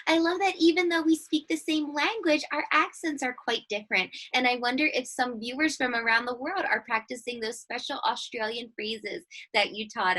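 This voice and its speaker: A woman's voice: high voice, sharp tone. A woman hosting a kids' interview, cheerful and encouraging like a teacher. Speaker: host, teacher.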